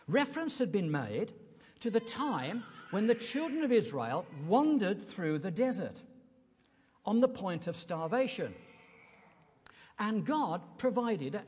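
A man's voice: sits high, breathy edge. A British man preaching a sermon in a chatty way, putting questions to the congregation. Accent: British English. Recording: long hall reverb.

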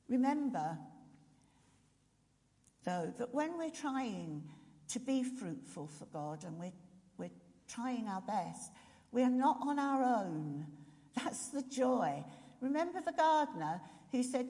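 A woman's voice: medium pitch, animated, takes it slowly, dark tone. A woman preaching a sermon, reflective, often asking her congregation questions. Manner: reflective, asks the audience questions. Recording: long reverb of a large hall.

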